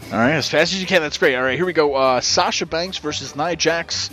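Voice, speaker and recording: A man hosting a wrestling podcast, briskly calling out matches in casual chat. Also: a little high, fairly bright tone. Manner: brisk, runs the segment. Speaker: podcast host.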